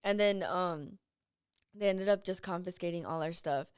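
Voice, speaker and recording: A woman's voice: on the low side, normal speed, clear, resonant tone, no echo, clean studio sound. A woman guest on a podcast telling a story in casual chat, rambling and filling her speech with "like". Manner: rambling, heavy use of "like".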